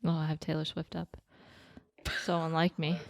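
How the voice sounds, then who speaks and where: A woman's voice: sits low, monotone, normal speed, vocal fry, dry recording, studio quality. A young woman co-hosting a podcast, chatting casually with lots of fillers, swearing and laughter. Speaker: podcast co-host. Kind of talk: casual chat.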